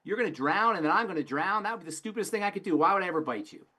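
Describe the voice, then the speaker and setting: A man's voice: high-pitched, lively intonation, racing, pushed and bright, slightly rough, full character voice. A man voicing a sly male scorpion from a fable, coaxing a frog.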